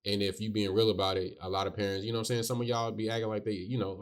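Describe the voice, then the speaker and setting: A man co-hosting a podcast in casual chat. He talks emphatically, swears freely, keeps asking "you know what I'm saying" and gets loud and high when he is worked up. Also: flat delivery, racing, a crowd in the background. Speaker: podcast co-host.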